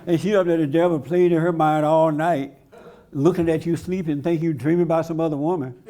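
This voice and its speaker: A man's voice: a little high, fairly even intonation, a little fast, mellow. A man giving a blunt, emphatic preaching-style talk at a conference, laughing along with his audience. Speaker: conference speaker.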